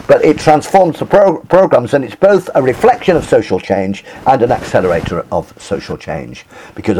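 A man's voice: mid-range voice, darkish tone, slightly rough. A man giving a university lecture, hesitant, with many fillers and self-corrections.

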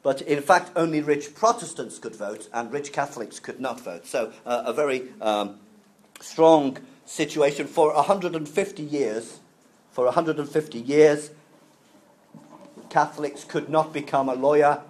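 A male teacher with a fairly high yet darkish voice lectures on classroom history, keeping explanations simple for learners. He falters throughout, with many fillers and restarts, on poor-quality audio.

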